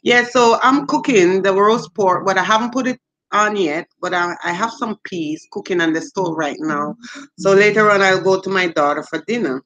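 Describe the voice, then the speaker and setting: A woman's voice: mid-range voice, moderate pace, fairly bright tone, roomy sound, dull audio. Chatty Jamaican woman on a livestream. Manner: chatty, reads out and answers viewer comments. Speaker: livestream host. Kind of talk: casual livestream chat with viewers.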